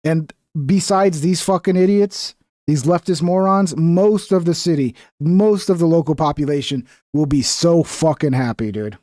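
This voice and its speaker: A man's voice: on the high side, moderate pace, mellow, no room sound. A young man giving heated, profane commentary while reacting to news clips. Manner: heated, profane, exasperated ranting.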